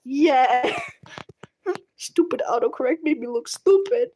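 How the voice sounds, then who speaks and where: Giggly, high-voiced woman rambling. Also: expressive, slow, mellow, slight background noise. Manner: giggly, rambling with many fillers. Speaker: channel host. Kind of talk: casual storytelling while drawing.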